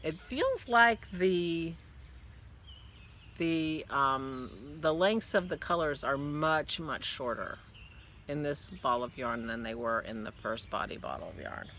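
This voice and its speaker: A woman's voice: low-pitched, lively intonation, slow pace, a bit bright, slight background noise. A woman hosting a casual vlog, chatting in a rambling, easygoing way and cooing at her dog now and then. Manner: rambling and chatty, trailing off and restarting; coos affectionately to her dog. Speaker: podcast host. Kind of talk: casual chat.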